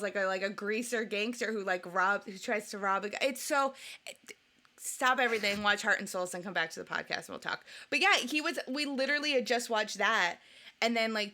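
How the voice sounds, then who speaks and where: A woman co-hosting a podcast in casual chat, animated and joking as she rambles into her microphone. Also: medium pitch. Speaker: podcast co-host.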